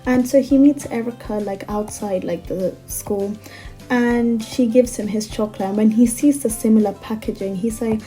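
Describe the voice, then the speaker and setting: Chatty young woman with a dark voice. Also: fairly high pitch, moderate pace, soft background music. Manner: chatty, frequent "like" fillers, exasperated asides. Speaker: manga commentator. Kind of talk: casual recap rant.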